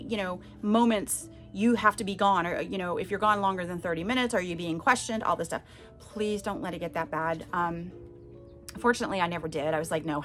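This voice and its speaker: A woman's voice: mid-range voice, a bit bright. A woman hosting a podcast, telling her own story in a candid, emphatic way and turning often to her listeners to check in. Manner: candid and emphatic, addresses listeners directly with frequent "okay?". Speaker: podcast host. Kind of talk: personal testimony to listeners.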